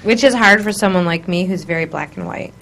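Woman talk-show guest, slightly low pitch, candid and self-critical. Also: fairly quick, gravelly, fairly bright tone, a little hiss or hum. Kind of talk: casual chat.

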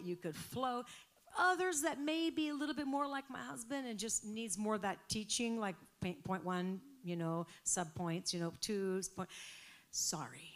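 A woman in her fifties preaching a sermon, animated and laughing, moving between soft whispered prayer and loud exclamations. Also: fairly high pitch, moderate pace. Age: 50s.

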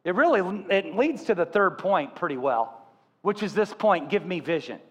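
A man preaching a sermon as pastor, telling stories with animated voices. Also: sits high, normal speed, big-room sound. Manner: animated storytelling, acting out voices.

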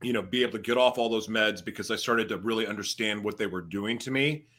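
Man, low pitch, sharp forceful tone, candid halting guest. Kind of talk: casual podcast conversation.

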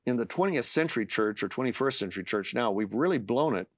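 A man's voice: mid-range voice, expressive, fast talker, dry recording. Older guy on a talk show, earnest and emphatic, dry close sound, keeps reading out verses. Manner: earnest, emphatic, reads scripture passionately. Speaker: author guest. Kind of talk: interview.

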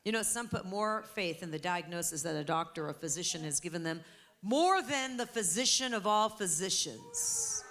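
A woman's voice: medium pitch, sing-song, moderate pace, fairly bright tone. A woman preaching a sermon to a congregation, fervent and emphatic.

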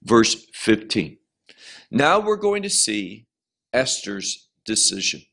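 A man giving a Bible lecture as its teacher, stressing key words slowly and emphatically, often restarting and repeating words as he explains. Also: lowish voice, sing-song, gravelly, pushed and bright.

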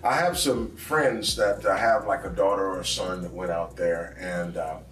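A man's voice: sits low, normal speed, a little hiss or hum. A man hosting an interview, chatting casually and backing his guest up with short replies. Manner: relaxed, affirming interviewer. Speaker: show host. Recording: roomy sound from a distance, faint music.

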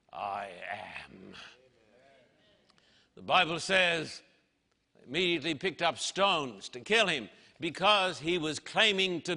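Male preacher, bright slightly high voice, slow emphatic sermon delivery, long hall reverb.

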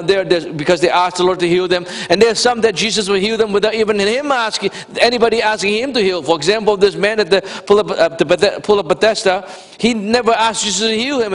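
A man preaching a sermon, animated and conversational, rising to shouts for emphasis and talking directly to the congregation. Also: high-pitched. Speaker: pastor. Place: church sanctuary. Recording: long reverb of a church hall.

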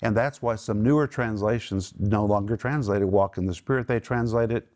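A man teaches scripture with real emphasis. His voice climbs sharply whenever he quotes a line, and he slows down to stretch out the words he wants to land. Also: fairly low pitch, darkish tone. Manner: draws out key words slowly. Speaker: Bible teacher. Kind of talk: Bible teaching.

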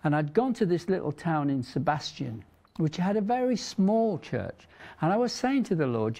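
A man's voice: on the high side, very animated, normal speed, warm tone. A middle-aged man hosting a Christian talk show, a rambling, chatty storyteller who laughs often. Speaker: TV show host.

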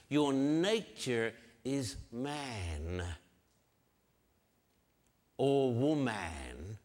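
An older man preaching a sermon, slow and emphatic, repeating key phrases for weight. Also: fairly high pitch, animated, fairly bright tone. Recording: long reverb of a large hall.

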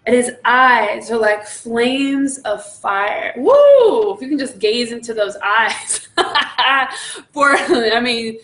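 A woman leading a devotional meditation, often exclaiming in awe and laughing softly. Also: a little high, slow pace, roomy sound. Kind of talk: devotional teaching.

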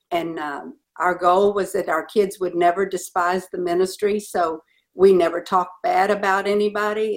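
A middle-aged woman telling a personal story in an interview, earnest and animated. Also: mid-range voice. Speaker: guest.

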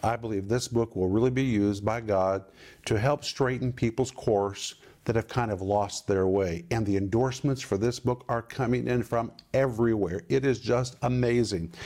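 A man teaches from the Bible emphatically and deliberately, stressing key words as he explains what Greek terms mean. His voice sits at an ordinary middle pitch with a darkish tone.

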